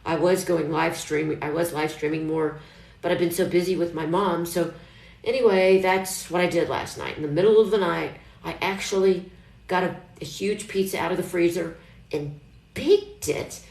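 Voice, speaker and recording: A woman's voice: on the low side, moderate pace, creaky, darkish tone. A middle-aged woman chatting casually on a live stream, rambling and reassuring herself as she talks. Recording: echoey room.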